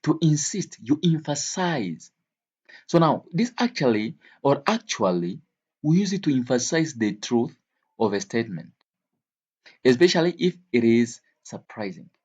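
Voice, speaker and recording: A man teaching English vocabulary to learners, speaking slowly and repeating each word and example several times. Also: medium pitch, very animated, darkish tone, breathy edge, dull audio. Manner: slow, repeats words and examples.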